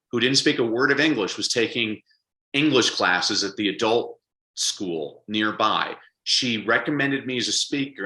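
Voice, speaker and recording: A man speaking as an interview guest, an animated storyteller who acts out quotes. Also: medium pitch, echoey room, low-quality recording. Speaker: guest, public speaker and coach. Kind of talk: conversational interview.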